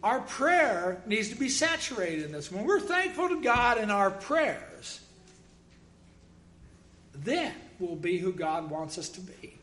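A man's voice: sits high, very animated, slow, pushed and bright. A man preaching a sermon, emphatic, quoting scripture and dropping wry jokes.

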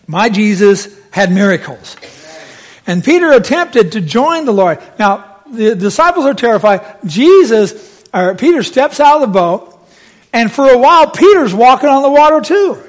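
A man preaching a sermon, telling the story with lively, acted-out voices. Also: very high voice.

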